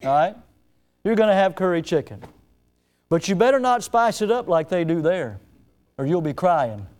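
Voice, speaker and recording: A man preaching a sermon as pastor, telling stories and acting out scenes with lively emphasis. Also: high voice, moderate pace. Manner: storytelling preacher, animated, acts out scenes.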